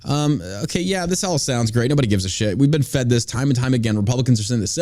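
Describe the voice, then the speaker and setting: A man's voice: mid-range voice, animated, quick pace, hardly any pauses, darkish tone. A man hosting a podcast, ranting through political commentary in a heated, profane way. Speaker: podcast host.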